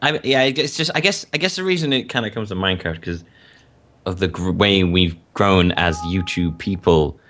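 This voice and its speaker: Podcast co-host, man, halting and lively, casual banter. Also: low voice. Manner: hesitant, restarts words often. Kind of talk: casual chat.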